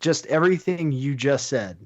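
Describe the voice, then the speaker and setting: A man's voice: mid-range voice, animated, normal speed, darkish tone. A man co-hosting a movie podcast, opinionated and enthusiastic as a fan. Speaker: podcast co-host. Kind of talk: casual movie discussion. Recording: dull lo-fi audio.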